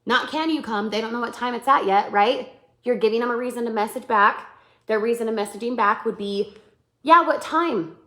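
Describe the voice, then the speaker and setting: A woman coaching her sales team in a live webinar, animated, acting out sample messages and often checking that her listeners follow. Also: a little high, brisk. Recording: roomy echo.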